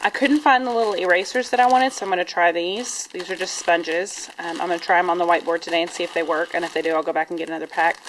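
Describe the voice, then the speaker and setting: A woman's voice: lowish voice, rough recording. A woman teacher, chatting casually in a classroom vlog, rambling with lots of "um"s and "y'all"s, a little sniffly. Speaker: primary teacher vlogger.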